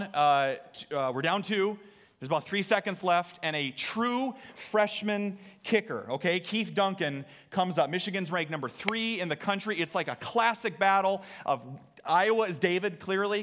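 A man's voice: high-pitched, a bit bright. A man preaching a sermon from a church stage, talking in a conversational, joking way and quizzing the congregation. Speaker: pastor.

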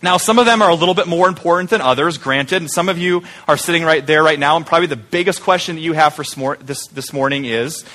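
A man delivers an Easter sermon with a bright, forceful voice that sits a little high. He preaches in a conversational, animated way and keeps asking rhetorical questions. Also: brisk. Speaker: pastor.

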